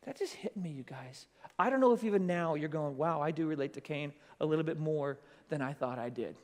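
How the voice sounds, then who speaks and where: A high-voiced man preaches at a school chapel, animated and conversational, slipping into quoted voices as he speaks straight to the young crowd. His voice rings out with a long hall reverb. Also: a little fast. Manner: animated, acts out quoted voices, addresses listeners as "you guys".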